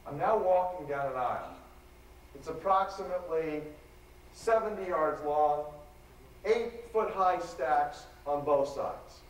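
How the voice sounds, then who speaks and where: A man giving a live lecture, telling a story in an animated, dramatic way. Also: fairly high pitch, slow pace. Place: lecture hall. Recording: echoey hall, distant mic, faint noise.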